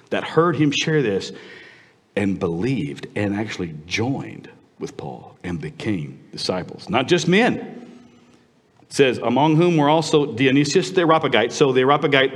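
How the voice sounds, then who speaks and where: A man preaching a sermon as pastor, in a conversational, animated way that swings from lively asides to quiet, earnest passages. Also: mid-range voice, in a large hall. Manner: animated, conversational preaching with sudden drops to quiet, intimate tones.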